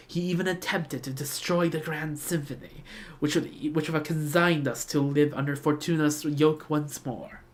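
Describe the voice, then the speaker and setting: A woman's voice: low-pitched, natural voice. A woman voicing a haughty, ancient male villain in a mildly posh, pompous tone for a game read-along.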